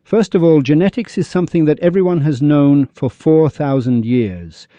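A man's voice: a little high, moderate pace, no echo. Man, podcast host, rhetorical preachy monologue, dull dry sound. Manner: preachy, rhetorical, mock-shouting quoted crowds.

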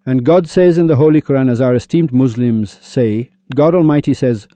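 A man's voice: mid-range voice, moderate pace, few pauses, warm tone, no echo. A man teaching a lecture on poetry and scripture, emphatic and dramatic, speaking straight to his listeners. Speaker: religious teacher. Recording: dull lo-fi dry recording.

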